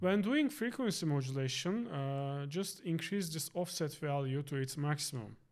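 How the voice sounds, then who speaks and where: A man with a slightly raised, gravelly voice walks through a software synthesizer tutorial. He talks in a relaxed way, thinking aloud and correcting himself as he goes, while faint synth tones play underneath. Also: a little high, normal speed, soft background music. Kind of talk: screen-recorded software tutorial. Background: synth tones playing under the voice.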